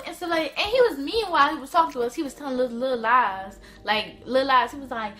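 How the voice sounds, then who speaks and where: A woman vlogger telling a casual storytime in an animated, slangy way, repeating phrases for emphasis. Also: high-pitched, a little fast, few pauses.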